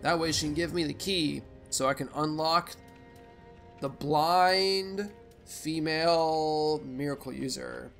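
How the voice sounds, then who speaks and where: A young man hosting a let's play, giving rambling, profane gameplay commentary with sudden loud outbursts. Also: on the high side, slow, vocal fry, soft background music.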